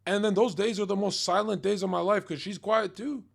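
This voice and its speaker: A young man ranting through a livestream reaction. His voice sits a little high for a man. He talks in a crude, mocking way and swears constantly. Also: steady tone, brisk, creaky.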